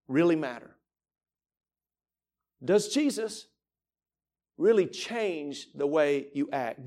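Male pastor, high voice, emphatic sermon delivery with stretched, repeated words. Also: a little mellow.

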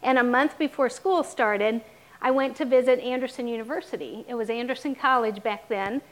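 Slightly high-voiced pastor's wife. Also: female voice, normal speed. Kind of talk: sermon testimony.

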